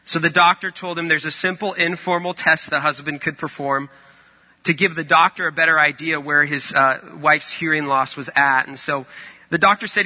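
Bright-voiced preacher in a reverberant hall. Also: male voice, fairly high pitch, fairly even intonation, moderate pace. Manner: conversational, storytelling with acted-out quotes. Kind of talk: sermon.

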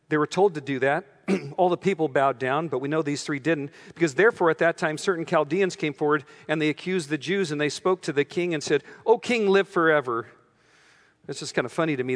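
A man's voice: medium pitch, in a large hall. A man preaching a sermon as a pastor, earnest and conversational, acting out the quoted lines with feeling.

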